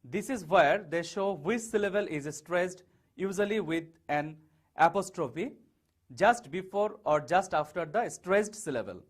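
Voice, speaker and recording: A man walks a class through syllables and word stress. His voice sits high and swings widely in pitch. He slows down and leans on each example word. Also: expressive. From Bangladesh. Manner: slow, stressing key words one at a time. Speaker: teacher. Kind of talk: online English lesson over slides.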